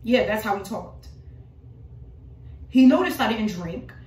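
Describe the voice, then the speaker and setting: Woman, preacher, emphatic, repetitive, fairly high voice, roomy sound, set back from the mic. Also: expressive, a little slow, darkish tone, distant mic. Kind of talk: informal prophetic preaching.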